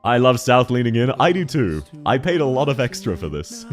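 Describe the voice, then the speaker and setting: A man's voice: medium pitch, sing-song, faint music behind. A young man with an Australian accent, a VTuber streamer chatting playfully with viewers while he plays a game. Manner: playful, teasing, quick to laugh. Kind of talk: casual livestream commentary.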